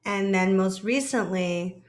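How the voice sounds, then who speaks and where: A woman in her thirties hosting a podcast in casual chat from an office, chatty and relaxed, laughing often. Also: mid-range voice, takes it slowly. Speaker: podcast host, dentist.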